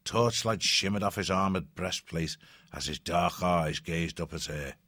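A male audiobook narrator reading a story at a measured, even pace. His voice sits low. The recording is dry and close, with no room sound. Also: no echo.

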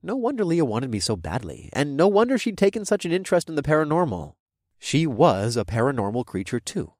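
A man narrating a first-person story with an expressive, lively read, his pitch moving a lot. The recording is dry and close, with no room echo at all. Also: brisk. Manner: expressive, animated reading. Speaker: audiobook narrator.

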